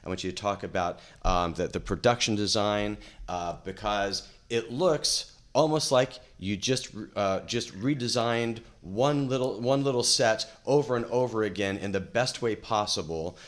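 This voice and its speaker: A man's voice: lowish voice, a little slow, hardly any pauses. A man co-hosting a podcast, asking rambling, enthusiastic questions full of restarts. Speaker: podcast co-host. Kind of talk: casual interview questions.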